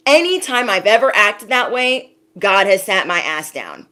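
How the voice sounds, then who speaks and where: A woman's voice: medium pitch, big pitch swings, unhurried, hardly any pauses, bright, forceful tone. A woman, an intuitive card reader, giving a casual spiritual reading to her viewers, talking emphatically with a lot of repetition and some casual swearing.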